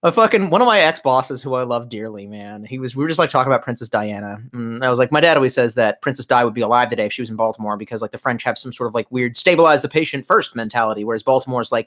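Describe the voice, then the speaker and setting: A man's voice: medium pitch, racing, hardly any pauses, fairly bright tone. A young man streaming live, rambling loosely and swearing a lot as he reads out chat comments, tipsy. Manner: profane, rambling, drunk banter. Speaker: livestreamer. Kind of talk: casual livestream chat reading comments.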